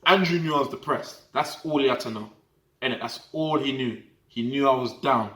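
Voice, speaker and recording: A young man telling a story in an animated, slangy way, often checking that the listener follows him. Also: mid-range voice, moderate pace, roomy sound. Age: young adult. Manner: animated slangy storytelling, often asking the viewer "do you get what I'm trying to say". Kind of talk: casual storytime vlog.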